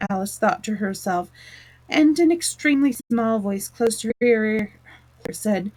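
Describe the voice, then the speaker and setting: A woman's voice: a little high, animated, measured pace, a little mellow, rough recording. Woman reading a storybook aloud. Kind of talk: reading a children's book aloud.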